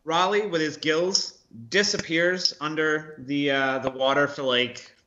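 A man's voice: on the high side, fairly even intonation, measured pace, bright, forceful tone, roomy sound, muffled recording. A man playing a tabletop game over a video call, narrating his character's actions loosely with lots of likes. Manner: loose, storytelling, many likes. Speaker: player.

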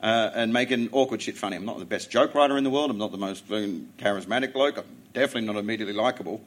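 A middle-aged Australian man, a comedian guest in a casual podcast chat, telling stories in a blunt, profane, animated way. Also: fairly low pitch, very fast.

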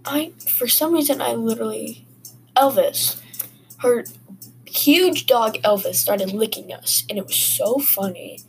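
A woman's voice: a little high, unhurried, faint music behind, poor audio. A woman hosting a casual podcast, telling personal stories in a rambling, chatty way full of fillers. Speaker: podcast host. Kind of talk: casual storytelling.

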